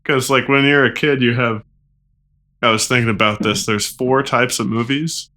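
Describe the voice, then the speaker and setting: A man's voice: medium pitch, steady tone, normal speed, sharp tone. A man co-hosting a casual film podcast, easygoing and rambling as he tells a story. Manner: easygoing, rambling, laughs along. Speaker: podcast co-host.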